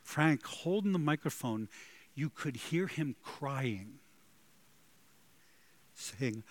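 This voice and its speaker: A man preaching a sermon, telling stories dramatically and swinging between loud and hushed delivery. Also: mid-range voice, expressive, slow pace, pauses often. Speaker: pastor.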